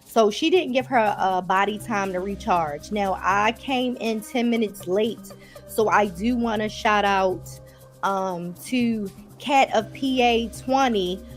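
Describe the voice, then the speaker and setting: Chatting casually with her viewers, whom she calls y'all, a woman with a Baltimore accent recaps a TV episode as a reviewer. Her medium-pitched voice is slow, with soft background music.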